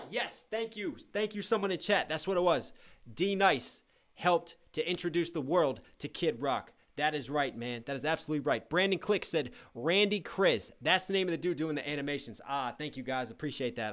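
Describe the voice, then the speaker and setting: A young man hosting a live music reaction stream, reading chat aloud, breaking into shouts and explaining rhyme schemes. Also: on the high side, moderate pace.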